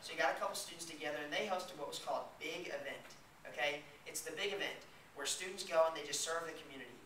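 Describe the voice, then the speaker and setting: A man's voice: fairly high pitch, fast talker, bright, forceful tone, slight background noise. Enthusiastic young man, distant and echoey. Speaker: student speaker. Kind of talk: informal presentation to a group. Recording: echoey room, far from mic.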